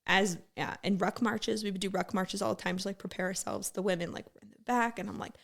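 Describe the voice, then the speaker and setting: A woman's voice: medium pitch, fairly even intonation, fast talker, creaky. A woman, a former military gunner, telling blunt, profane stories in a casual podcast chat. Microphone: studio podcast mic.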